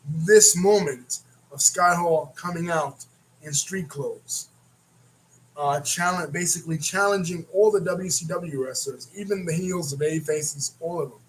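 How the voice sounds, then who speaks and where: A man's voice: on the high side, unhurried, poor audio. A man hosting a casual wrestling recap, rambling and often restarting his words. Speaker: wrestling reaction host.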